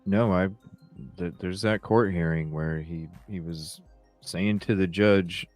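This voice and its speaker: A man hosting a podcast, talking through a case in animated, questioning casual discussion. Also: deep voice, normal speed, no echo, soft background music. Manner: animated, questioning, acts out quoted lines. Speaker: podcast host.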